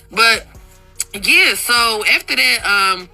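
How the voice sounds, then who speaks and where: A young woman telling a personal storytime to her viewers, animated and profane, laughing often. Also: a little high, drawn-out words, gravelly, soft background music, poor audio. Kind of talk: casual storytime monologue.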